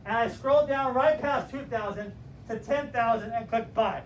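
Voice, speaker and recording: High-voiced male teacher telling a story. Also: moderate pace, far from the mic, slight background noise. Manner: animated, rhythmic storytelling with acted dialogue. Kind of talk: storytelling lesson to students.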